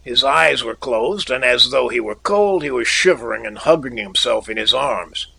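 A man narrating a story in a measured, literary way. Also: mid-range voice, lively intonation, vocal fry, bright, forceful tone, husky, rough recording. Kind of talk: audiobook narration.

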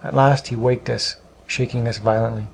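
A man narrating a storybook with a steady, measured reading. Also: medium pitch, vocal fry, slight background noise, low-quality recording.

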